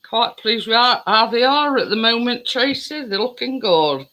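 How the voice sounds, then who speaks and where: A man's voice: extremely high pitch, animated, moderate pace, bright, forceful tone, poor audio. A man chatting in a rambling, easily distracted way as he bakes in his home kitchen. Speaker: home baking vlogger. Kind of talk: casual chat while baking.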